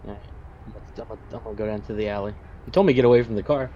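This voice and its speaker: A man in a tabletop game who quickly and jokingly announces his character's moves. His voice comes through slightly muffled. A faint hiss is heard behind it. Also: on the low side, mellow. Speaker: player.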